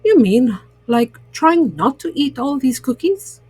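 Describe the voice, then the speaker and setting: Fretful male toad done by a woman, breathy voice, lively swoops, dry close sound, storybook reading. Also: high-pitched, measured pace, dry recording, exaggerated voice.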